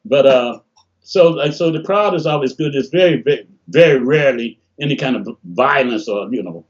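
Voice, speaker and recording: An older man from Detroit telling animated stories in a casual interview over a video call, often acting out what people said. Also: medium pitch, moderate pace. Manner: animated, laughing storyteller, acts out quotes. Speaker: interview guest, bassist. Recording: dull lo-fi call audio.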